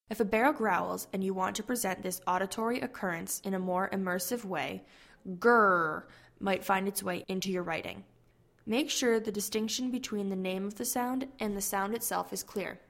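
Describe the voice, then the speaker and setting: Woman, podcast host, scripted lesson, measured delivery, gravelly edge, mid-pitched. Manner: clear, measured read-aloud delivery. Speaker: podcast host explaining writing rules. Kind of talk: scripted educational narration.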